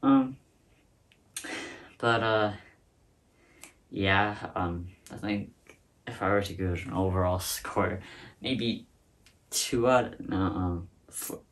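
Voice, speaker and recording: A man's voice: sits low, slow pace, long pauses, fairly bright tone, distant mic. A man hosting a casual reaction video, rambling and hesitant with many fillers and restarts, recorded on a phone. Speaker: host reacting to a song.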